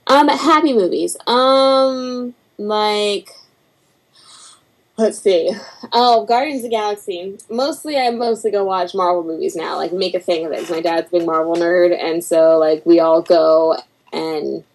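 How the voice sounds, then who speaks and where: Animated woman telling a story. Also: lowish voice, a little slow, low-quality recording. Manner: animated storyteller, acts out quotes and barking. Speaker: podcast guest. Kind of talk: casual chat.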